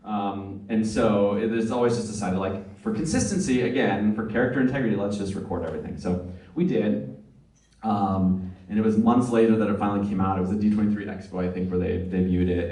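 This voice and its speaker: A man's voice: fairly low pitch, a little mellow. A man, a voice actor, telling earnest, nostalgic anecdotes at a fan convention panel, with many fillers. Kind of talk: anecdotal storytelling at a live panel. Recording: echoey room from far off.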